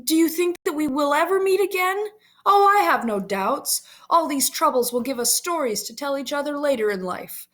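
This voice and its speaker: A woman's voice: high voice, animated, moderate pace, a bit bright, voice pushed up. A woman reading the part of a young man who is torn and half sarcastic, in a mock-dramatic manner. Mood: tender.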